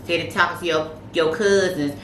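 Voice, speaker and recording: A woman's voice: fairly low pitch, steady tone, normal speed, fairly bright tone. A woman co-hosting a podcast, chatting casually and giving blunt, slangy dating advice with street metaphors. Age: adult, past early heartbreaks. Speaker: podcast co-host. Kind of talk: casual chat. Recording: roomy room with faint noise.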